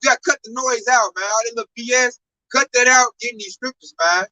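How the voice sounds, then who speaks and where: A man preaching on a downtown street in an animated, slangy, exclamatory way. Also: very high-pitched, fast talker, no room sound, distant mic, rough recording.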